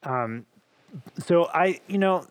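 Brief: male interview guest, lively storyteller, dry close recording. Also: on the high side, slow pace, no room sound. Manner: animated, laughing storyteller.

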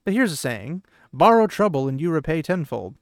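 Man reading as bossy young woman, curt commands, raised pitch, dry close sound. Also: very animated, normal speed, vocal fry, no echo. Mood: stern. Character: stern young woman leader, bossy and proud.

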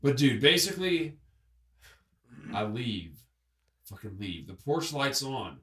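A man telling a story as a podcast guest in casual chat, animated and profane. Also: medium pitch, slow pace, echoey room, recorded from a distance.

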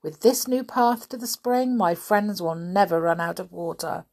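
A woman's voice: fairly low pitch, normal speed, darkish tone. An earnest young jungle boy from a children's storybook, voiced by a woman. He speaks keenly and sincerely.

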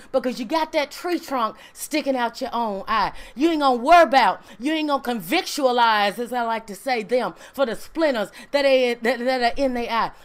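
High-voiced woman preaching a sermon. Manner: emphatic, call-and-response asides like "right?" and "amen".

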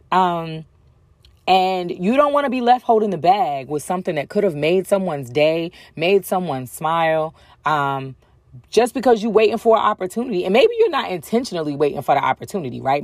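A woman's voice: deep voice, darkish tone, dry recording. A woman telling a personal story in a casual way, with lots of ums and acted-out bits of dialogue. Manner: chatty, frequent ums, acts out other people's lines.

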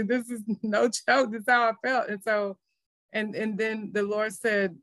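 A woman's voice: medium pitch, fairly even intonation, a little slow, a bit bright, no echo. A middle-aged woman pastor, telling her faith story in an earnest, emotional way. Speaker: pastor and minister. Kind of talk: testimony in a faith interview.

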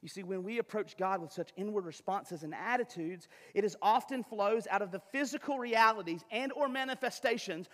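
A man's voice: extremely high pitch, fairly bright tone, big-room sound. A man delivering a sermon as a pastor, in an emphatic, conversational style with asides to the congregation.

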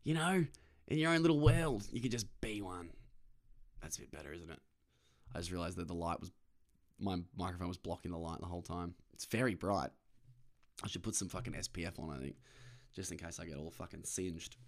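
A man's voice: sits low, a little fast, long pauses. A young Australian man hosting a casual podcast from his car, ranting and swearing freely, and putting on other people's voices. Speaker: podcast host. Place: parked car.

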